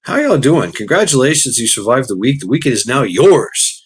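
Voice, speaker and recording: A man's voice: mid-range voice, big pitch swings, normal speed, slightly rough. A tired man hosting a casual livestream, rambling and swearing as he greets chatters by name. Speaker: livestream host.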